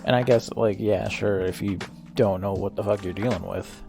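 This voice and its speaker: A man's voice: fairly low pitch, steady tone, moderate pace, gravelly, warm tone, faint music behind. A young man co-hosting a podcast, telling a story in casual, profane chat and often breaking into laughter. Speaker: podcast co-host. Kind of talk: casual chat, retelling a show with acted quotes.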